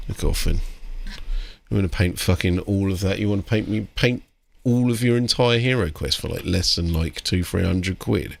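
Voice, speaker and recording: Gravelly low-voiced British man ranting. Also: normal speed. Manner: ranting, swearing, heavy use of "like" and "mate". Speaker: miniature painter and streamer. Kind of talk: casual live-stream chat.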